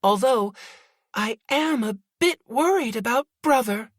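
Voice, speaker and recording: A man voicing a polite, devoted young beastkin girl in a high, soft voice. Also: expressive, unhurried, no echo, studio quality, exaggerated voice. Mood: calm.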